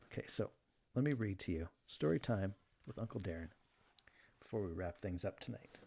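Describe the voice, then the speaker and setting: A man's voice: on the low side, animated, moderate pace, gravelly, warm tone, husky. A man hosting a casual livestream, chatting and reading jokes aloud while sleeving trading cards. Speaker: livestream host.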